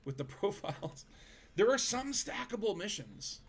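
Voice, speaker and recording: A man's voice: high-pitched, very animated, normal speed, husky. A man streaming a video game, chatting casually with friends, rambling with fillers and laughing easily. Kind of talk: casual gaming chat.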